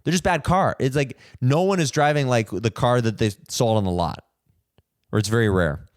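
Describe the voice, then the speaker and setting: A man's voice: mid-range voice, normal speed, no echo, clean studio sound. A young man hosting a solo podcast, rambling and self-deprecating, full of fillers and restarts. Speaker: podcast host.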